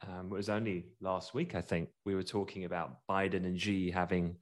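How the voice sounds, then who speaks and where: A man hosting a casual market chat, talking quickly and laughing as he goes. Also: low voice, little pitch movement. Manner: chatty, laughs while talking, quick asides. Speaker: market commentator.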